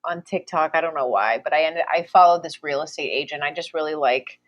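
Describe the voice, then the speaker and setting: A woman co-hosting a casual chat, telling a story in a relaxed, rambling way with hesitations. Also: sits low, brisk, highs cut off.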